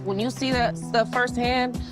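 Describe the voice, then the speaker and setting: A woman's voice: on the high side, steady tone, measured pace. Earnest woman over a music bed. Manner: earnest, emotional. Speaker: dating show contestant. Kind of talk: emotional confessional. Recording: clip with clear music under it.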